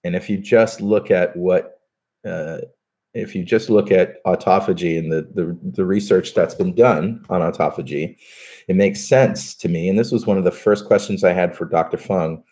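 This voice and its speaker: A man's voice: low voice, normal speed, dark tone. A man hosting a live stream, chatting casually and reading out viewer comments, with plenty of fillers and restarts. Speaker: podcast host doing a live stream.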